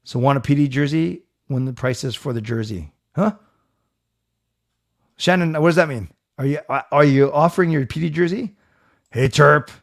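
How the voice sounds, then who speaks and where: A man's voice: on the high side, moderate pace. Man casually reading out chat messages. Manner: reads viewer comments aloud and answers them. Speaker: livestream host reading chat.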